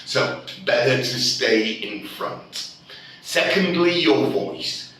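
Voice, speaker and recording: A man's voice: medium pitch, expressive, slow pace, fairly bright tone, a little hiss or hum. A man from Yorkshire, England, a teacher giving blunt, emphatic classroom advice in a classroom. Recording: echoey room, mic far off.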